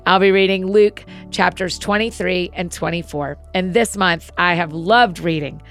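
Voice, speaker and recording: A woman hosting a daily Bible-reading podcast, reading scripture aloud in an earnest, steady way. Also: on the low side, measured pace, faint music behind.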